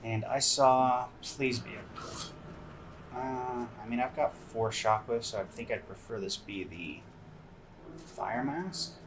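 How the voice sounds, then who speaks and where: A man talking through a round of a game in an easy, casual way, at a middling pitch for a man, with dry, sarcastic asides. A steady hum of background noise sits under his voice. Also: measured pace. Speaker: game commentator. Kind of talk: casual gameplay commentary.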